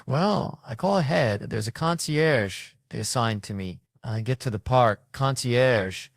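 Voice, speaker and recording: A middle-aged man telling profane, animated stories as a stand-up comedian. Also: medium pitch, unhurried, no echo, studio quality. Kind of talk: stand-up storytelling.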